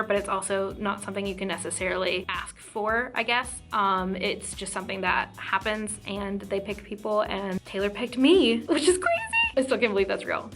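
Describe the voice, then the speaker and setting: A young woman telling a story to her viewers, talking fast and excitedly and stringing her thoughts together with filler words. Her pitch sits in a middling range, with faint music underneath. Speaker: YouTube vlogger. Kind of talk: casual storytelling to camera.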